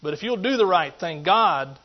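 A middle-aged man with a drawl preaches in a folksy, conversational way, with a fairly high voice. He punches his key points loudly, drops to quiet asides, and keeps checking in with the congregation. The recording sounds dull and lo-fi. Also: animated, normal speed. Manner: folksy, swings between loud emphatic points and quiet asides, calls out to the listeners. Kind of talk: sermon.

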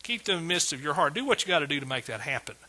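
A man's voice: a little high, big pitch swings, rapid-fire, pushed and bright. A middle-aged man preaching a sermon with exuberant energy, repeating phrases and calling out praise. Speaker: pastor.

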